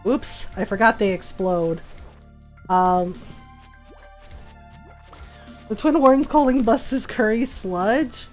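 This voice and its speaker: Woman streamer, middle-aged, slightly high pitch, chatty storyteller who laughs easily, faint game music behind. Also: slow pace. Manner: chatty, laughs often, acts out quotes. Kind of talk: casual chat while gaming.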